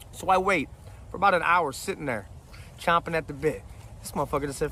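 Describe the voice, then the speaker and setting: A man's voice: on the high side, a little fast, pushed and bright, a little hiss or hum. A man in his forties telling a story in a heated, blunt, profane monologue. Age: 40s.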